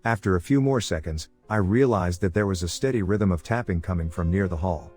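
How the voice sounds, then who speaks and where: A man with a fairly low voice reads creepy first-person tales as scripted horror narration. His delivery stays calm and steady from line to line. Faint music plays beneath him. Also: brisk. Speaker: voice actor narrating scary stories.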